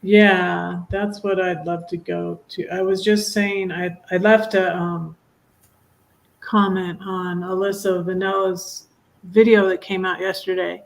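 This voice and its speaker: A woman hosting a casual livestream chat, musing aloud in an unhurried way as she looks for things. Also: on the low side, level tone, creaky, poor audio. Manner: unhurried, musing aloud while searching files. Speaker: host.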